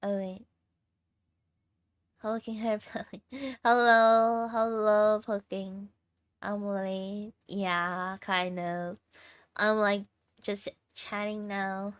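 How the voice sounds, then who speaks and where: A woman's voice: mid-range voice, flat delivery, very slow, long pauses, fairly bright tone, clean tone, no echo. A tired young woman livestreamer chatting casually with her viewers and laughing often. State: tired, sleep deprived.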